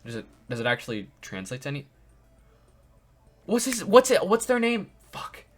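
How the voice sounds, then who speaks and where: A man doing let's play commentary, excitable and loud, often laughing and reading the game's dialogue aloud. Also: on the high side, moderate pace, faint music behind. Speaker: gaming video creator.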